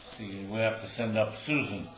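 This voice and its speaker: Man playing apologetic brothel girl, bright voice, echoey room. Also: lowish voice, normal speed, a little hiss or hum, close to an everyday voice. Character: young woman at a brothel, hesitant. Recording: roomy echoing room.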